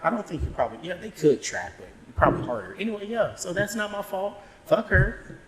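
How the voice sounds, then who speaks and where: A man in his thirties from Tennessee, telling a story on a casual podcast, animated and swearing freely as he acts out quotes. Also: high-pitched, a little fast. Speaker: podcast co-host. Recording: echoey room.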